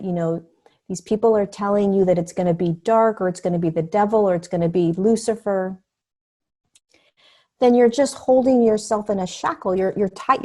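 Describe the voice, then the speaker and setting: A middle-aged woman talking as a podcast guest, earnest and animated, acting out the voices of other people. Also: mid-range voice. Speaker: podcast guest, spiritual teacher. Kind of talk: conversational interview.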